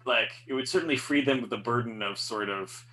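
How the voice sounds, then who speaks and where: A man with a bright, forward voice giving his opinions on films in a loose, rambling way. His talk is animated and candid, quick to vent a pet peeve. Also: mid-range voice, rough recording. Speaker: podcast co-host. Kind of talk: casual film discussion.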